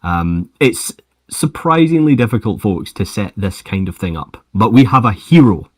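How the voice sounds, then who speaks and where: A man's voice: fairly low pitch, lively intonation, moderate pace, dry recording. A man hosting a live stream on a lavalier mic, upbeat and rambling, talking to viewers as folks. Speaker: host of a live portfolio review stream. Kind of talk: casual live-stream chat.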